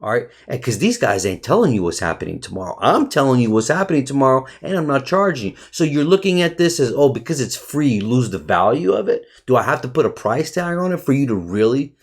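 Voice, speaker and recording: A man's voice: mid-range voice, very animated, fast talker, few pauses, husky. A man narrating a screen-share market review, casual and full of restarts, who turns into a profane, heated rant at his viewers. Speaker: trading educator.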